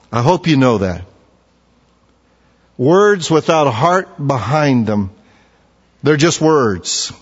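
Slow, earnest preacher in a ringing hall. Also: male voice, fairly high pitch. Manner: earnest, emphatic preaching with long pauses. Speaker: pastor. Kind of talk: sermon. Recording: dull lo-fi sound with long hall reverb.

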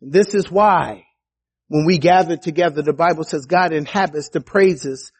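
A man preaching a sermon in a conversational way, with asides to his listeners and a voice that climbs high for emphasis. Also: moderate pace, slightly rough. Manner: animated, rises high for emphasis and quoted voices; conversational, with restarts and asides to the congregation.

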